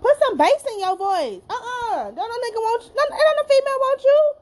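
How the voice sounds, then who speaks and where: A woman putting on a shrill, sassy voice that taunts a man. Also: big pitch swings, moderate pace. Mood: mocking. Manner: shrill, taunting, sing-song.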